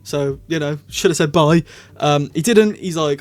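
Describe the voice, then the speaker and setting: Male reviewer, slightly high voice, chatty and rambling, self-correcting as he goes. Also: fairly even intonation, normal speed. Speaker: video reviewer. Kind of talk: casual spoken review.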